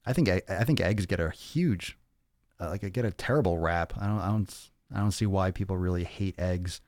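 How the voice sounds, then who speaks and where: A man's voice: sits low, normal speed, a little mellow, dry recording, studio quality. A man hosting a fitness podcast livestream, chatting casually, answering comments and cracking crude jokes. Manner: loose and profane, jokey, reads comments aloud. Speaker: podcast host.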